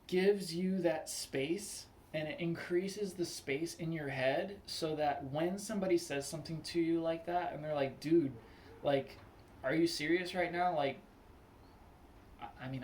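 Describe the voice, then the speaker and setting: A young man talking casually on his own, rambling with lots of "like" and acting out quick angry replies. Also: on the high side, slight background noise. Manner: loose and rambling, full of "like", acts out angry quotes. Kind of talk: casual spoken monologue.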